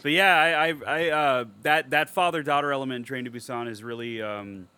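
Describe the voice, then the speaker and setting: Bright-voiced excitable podcast guy. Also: mid-range voice, brisk, a little hiss or hum. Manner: animated, profane, emotional storytelling. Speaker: podcast co-host. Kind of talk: casual podcast chat.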